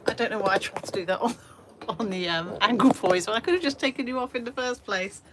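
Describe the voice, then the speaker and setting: An English art livestream host talks fast in a slightly high, animated voice from her small shed studio. She's chatty and self-deprecating, rambling with fillers over faint background noise.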